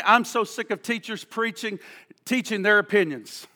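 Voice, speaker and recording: A high, piercing male voice preaches with fervor, leaping from shouts down to hushed asides. He is a middle-aged pastor, and his words carry a long echo through a church hall. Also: lively intonation, unhurried. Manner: fervent, emphatic preaching that swings from shouts to hushed tones. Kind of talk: sermon.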